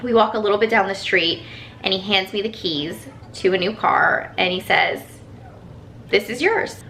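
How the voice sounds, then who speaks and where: A woman's voice: mid-range voice, normal speed, creaky, sharp tone, slight background noise. A woman telling a personal story to her viewers in a casual, rambling vlog, full of "like" fillers. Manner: chatty, rambling, lots of "like" fillers. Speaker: vlogger.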